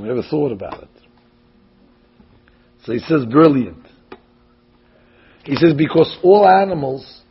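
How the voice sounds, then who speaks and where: Animated high-voiced man preaching, gravelly. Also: lo-fi sound. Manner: animated storytelling, acts out quotes. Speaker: rabbi giving a class. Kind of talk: sermon.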